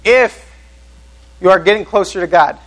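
A man's voice: high voice, moderate pace, fairly bright tone, low-quality recording. A man preaching a sermon as pastor, earnest, often putting questions to the congregation.

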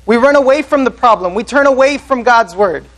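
Pastor, male, high voice, earnest sermon delivery with questions to the room. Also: animated, a little fast, a bit bright, low-quality recording. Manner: earnest preaching, asks the congregation questions.

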